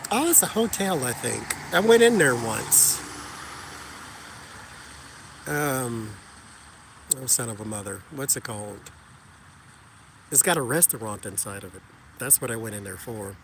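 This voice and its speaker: A man casually chatting with his viewers while walking outside, animated and joking, talking to them as "y'all". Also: mid-range voice, measured pace, vocal fry, long pauses, noisy background. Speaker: tarot reader chatting with live viewers.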